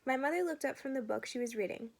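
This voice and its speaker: A woman reads a children's chapter book aloud, the way a teacher shares a story with a class. Her narration is steady and clear, and her voice sits a bit high. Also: fast.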